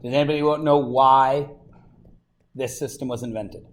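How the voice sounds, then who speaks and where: A male teacher from Canada speaks in an ordinary, mid-pitched voice. He keeps a high school class engaged with quick questions and light teasing. He is recorded in a classroom. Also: steady tone. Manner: chatty and joking with the students, asks lots of questions. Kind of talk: classroom lesson.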